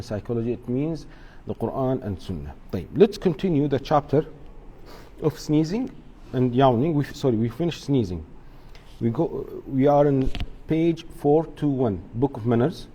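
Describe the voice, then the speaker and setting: A man's voice: mid-range voice, mellow, slightly rough. Man teaching an informal religious class. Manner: explains step by step, repeats key points, mixes in Arabic words.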